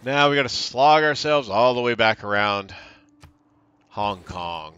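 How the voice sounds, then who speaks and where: Bright-voiced man narrating his gameplay. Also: medium pitch, lively intonation, a little slow, clean tone, lo-fi sound. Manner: thinks aloud while reading in-game text. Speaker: gaming channel host. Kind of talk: casual let's-play commentary.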